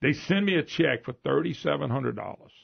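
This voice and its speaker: A man with a Louisiana Southern accent hosting a radio talk show, telling rambling folksy anecdotes in an animated way. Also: fairly high pitch, brisk, creaky, slightly rough. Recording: dull lo-fi radio broadcast.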